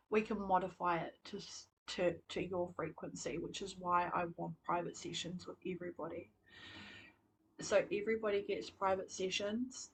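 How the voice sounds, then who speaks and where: A woman hosting a live stream as a spiritual coach, talking in a soft, earnest way. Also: mid-range voice, a little hiss or hum, rough recording. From New Zealand. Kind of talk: live-stream program pitch.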